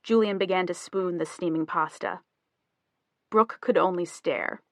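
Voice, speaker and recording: A woman narrating a novel as an audiobook, in measured scripted storytelling. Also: lowish voice, no room sound, clean studio sound.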